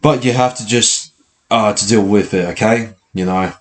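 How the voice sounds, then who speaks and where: A man giving a casual rugby league preview, talking haltingly with a stutter and many fillers. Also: fairly low pitch. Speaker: rugby league fan commentator. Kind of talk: casual pre-match preview.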